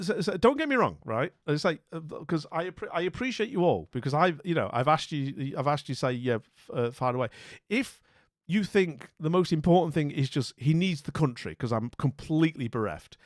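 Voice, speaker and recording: A man's voice: medium pitch, dry recording, studio quality. A man streaming live, talking casually and rambling as he thinks aloud and greets his viewers. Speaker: streamer playing a geography guessing game.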